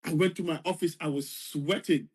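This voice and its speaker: A man's voice: fairly high pitch, steady tone, normal speed. A man earnestly retelling a personal story, repeating phrases for emphasis. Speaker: former foreign service official telling his story.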